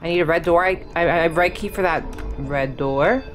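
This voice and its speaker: A woman hosting a gaming channel, giving excitable play-by-play commentary to herself with sudden shrieks. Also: lowish voice, normal speed, soft background music. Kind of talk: live gameplay commentary.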